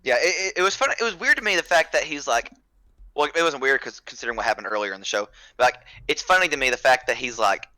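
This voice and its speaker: A man's voice: mid-range voice, lively intonation, fast talker, sharp tone, dry recording. A young man co-hosting a podcast in casual chat, hedging with "I mean" and short agreeing replies. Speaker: podcast co-host.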